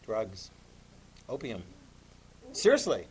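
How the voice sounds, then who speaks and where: A middle-aged man teaching a history lesson to a class, animated, asking questions and acting out voices. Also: fairly low pitch, slow, husky. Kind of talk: classroom lecture.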